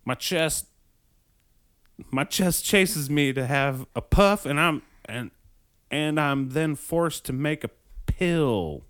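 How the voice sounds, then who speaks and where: A man putting on a high, drawling Southern American voice to play a very old male smoker who is weary of his habit. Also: expressive, slow pace. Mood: wistful. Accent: put-on Southern American. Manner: high-pitched, loud drawling quotes.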